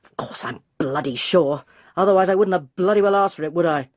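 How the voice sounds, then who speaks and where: A woman voicing an unshaven, drunk male dentist who speaks gruffly and swears. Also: fairly low pitch, brisk, darkish tone, no echo, clean studio sound, natural voice. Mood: surly.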